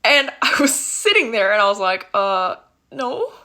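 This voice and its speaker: A young woman from the United States, softly and reflectively telling a personal story in a casual vlog, with lots of filler words. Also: a little high, very animated, normal speed. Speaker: vlogger.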